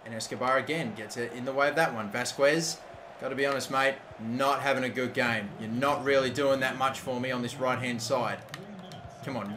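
A man giving live gameplay commentary, excitable and swearing often, with loud outbursts at the game. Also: mid-range voice, normal speed. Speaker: gaming YouTuber.

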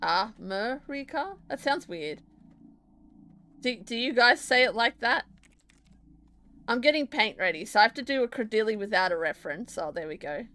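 A woman's voice: a little high, expressive, normal speed, pauses often, a bit bright. A young woman with an Australian accent, chatting casually and giggling as she streams from home, answering her chat while she plays and draws.

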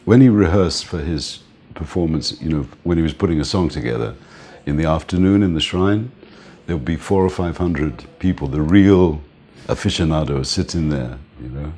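An older man interviewed as a music manager, telling relaxed stories and often laughing and saying "man". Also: extremely low pitch, moderate pace, few pauses, a little hiss or hum. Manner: relaxed, reminiscing, often says "man", laughs between points. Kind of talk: casual storytelling interview.

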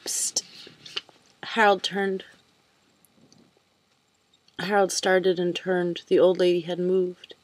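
A woman calmly reading a novel aloud, unhurried, sometimes dropping to a soft whisper. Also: lowish voice, poor audio. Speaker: reader.

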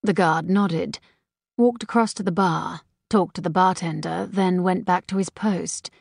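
Woman audiobook narrator, low voice, dry close sound, unhurried sensual delivery. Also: fairly even intonation, gravelly, no room sound. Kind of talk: first-person romance audiobook narration.

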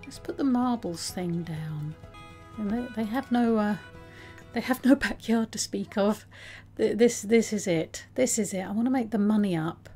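Woman, gravelly fry, mellow tone, chatty gameplay commentary. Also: mid-range voice, measured pace, faint music behind. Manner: chatty, talks to her sims, laughs often. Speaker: let's play host.

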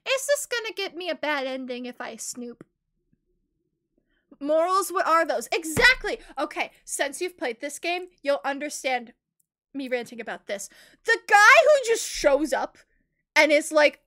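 Woman, young adult, game streamer, high voice, excitable, giggly, casual chatter. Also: a little slow. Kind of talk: casual live gameplay commentary.

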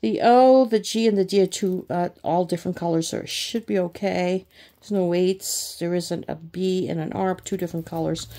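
A tired middle-aged woman chatting casually as she unboxes craft kits, rambling and thinking out loud with frequent restarts. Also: lowish voice, fairly even intonation, moderate pace. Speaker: crafting channel host.

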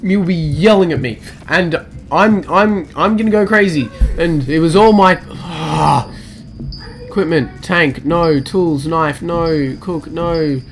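A man's voice: fairly high pitch, slow pace, faint music behind. A young man commentating his own gameplay, panicky and exclaiming, talking to himself as he plays. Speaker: let's play gamer.

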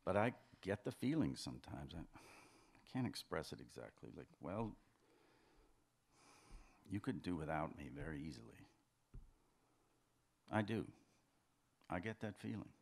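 An insecure, anxious man in a secret affair, read aloud by a man at a live fiction reading. His voice is very deep but swings widely in pitch, and he talks in a hesitant, pleading way, stammering now and then. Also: lively intonation, measured pace, gravelly, pauses often, husky, full character voice. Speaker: reader of a story's dialogue.

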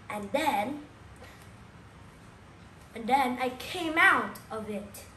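A woman speaks very slowly as she teaches young children, saying each new word again and again and checking in with questions. Her voice sits a little high. The room is echoey, with a faint hum of ambience behind her. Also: fairly bright tone. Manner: repeats key words slowly, asks the listener questions. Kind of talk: slow classroom explanation for young children.

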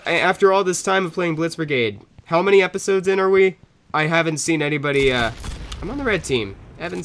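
A man's voice: mid-range voice, a bit bright, slight background noise. A young man with a stuffy nose from a cold, giving casual gameplay commentary and chatting at the game and other players.

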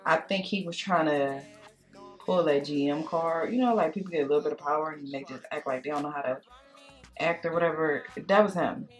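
A woman vlogger chatting casually while doing makeup, telling a date story in a sassy, animated way and calling the listener girl and baby. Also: sits low, a little fast, soft background music. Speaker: beauty vlogger. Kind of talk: casual storytime chat during makeup tutorial.

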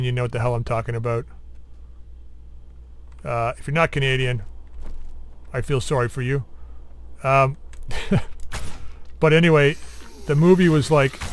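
A man's voice: a little high, clear, resonant tone. A man casually commenting while playing a survival game, rambling, mumbling to himself and teasing the zombies. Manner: mumbling while doing two things at once. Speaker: gaming channel host. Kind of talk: casual let's-play commentary.

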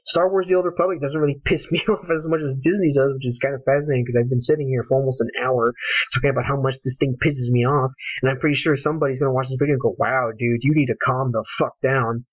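A man's voice: medium pitch, steady tone, racing, no room sound. A man ranting angrily about a game, with passionate, profane talk. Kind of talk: heated solo rant. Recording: dull lo-fi home recording.

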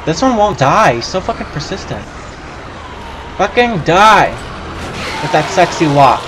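A man giving profane, excitable let's play commentary, yelping and laughing at the game. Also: a little high, brisk, background noise. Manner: profane, excitable, yelps and laughs while playing. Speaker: gaming channel host.

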